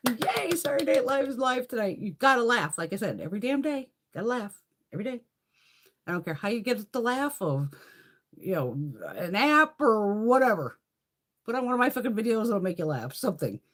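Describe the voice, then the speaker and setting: Lively, foul-mouthed American woman chatting live. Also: on the high side, brisk. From United States. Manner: blunt, heavy swearing, laughs often. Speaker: makeup livestream host. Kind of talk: casual livestream chat reading viewer comments.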